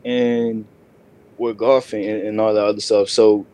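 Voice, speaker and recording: A man's voice: fairly low pitch, level tone, unhurried, mellow, smooth. A young man co-hosting a casual podcast, telling a story in a hesitant way. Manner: hesitant, lots of fillers and restarts. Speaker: podcast co-host.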